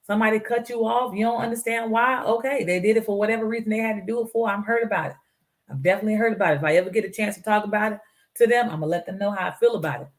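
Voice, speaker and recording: A woman's voice: medium pitch, very fast. A woman hosting her own show, giving earnest, preachy life advice and acting out the voices of people she quotes. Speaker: show host. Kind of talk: motivational talk.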